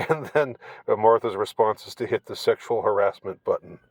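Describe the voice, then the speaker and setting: A man giving casual commentary on an article, rambling and halting with many restarts, in a wry tone. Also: lowish voice, no echo.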